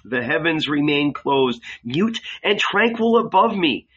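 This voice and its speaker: A man's voice: fairly high pitch, very animated, a little slow, a bit bright, husky, pitched above the performer's own voice, heavily acted. A man voicing an anguished adult male prophet in an audiobook reading, intense and pleading. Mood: fervent. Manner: intense, pleading, rising to fervor. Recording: dull lo-fi recording.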